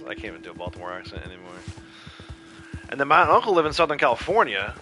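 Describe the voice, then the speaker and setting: A man with a Connecticut accent chats with his stream in a low voice that still sounds bright and forward. He rambles at an easy, unhurried pace and chuckles often. Faint game music and horse hooves play underneath. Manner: laid-back, rambling, chuckling. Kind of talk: casual chat while streaming gameplay.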